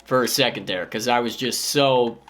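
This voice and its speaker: A man in his thirties talking casually to camera in a vlog, rambling and self-mocking with sudden loud outbursts. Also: mid-range voice, normal speed. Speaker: vlogger.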